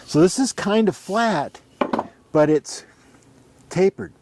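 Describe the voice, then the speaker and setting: Speaking slowly in a high-sitting voice with lively intonation, a middle-aged man examines an ax handle against a noisy background. He chats casually and rambles, counting and pointing out details as he thinks aloud, workshop show-and-tell style.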